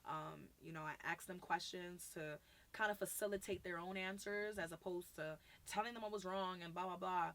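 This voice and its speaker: A woman with a New York accent in her thirties, talking casually as a podcast guest, animated and acting out quoted voices. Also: fairly low pitch, moderate pace. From United States. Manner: animated, acts out quoted voices, laughs often. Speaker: podcast guest, youth mentor. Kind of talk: casual conversation.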